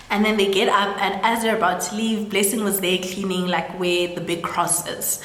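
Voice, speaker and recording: A woman's voice: mid-range voice, fairly even intonation, moderate pace, fairly bright tone, slight background noise. A South African woman from South Africa casually recapping a story, saying "like" a lot and acting out the characters' lines. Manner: chatty, says "like" often, acts out quoted lines. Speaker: storytelling host. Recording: echoey room with long reverb.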